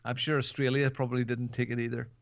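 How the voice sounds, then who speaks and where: A man's voice: medium pitch, level tone, quick pace, gravelly, no room sound. A man hosting a podcast in casual chat, rambling and jokey with lots of fillers. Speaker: podcast host. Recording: dull, dry podcast mic.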